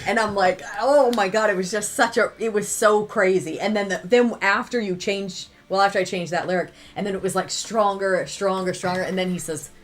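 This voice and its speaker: A woman's voice: mid-range voice, a little fast, few pauses, a little hiss or hum. Woman thoughtfully chatting about a song. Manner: reflective, tells personal stories with many fillers. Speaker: reaction video co-host. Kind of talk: casual chat.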